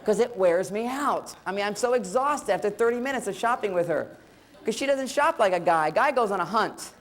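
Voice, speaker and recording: A man's voice: high-pitched, animated, a little fast, a bit bright. A middle-aged man giving a humorous talk on relationships, playfully acting out little bits of dialogue. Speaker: relationship speaker. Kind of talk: humorous lecture.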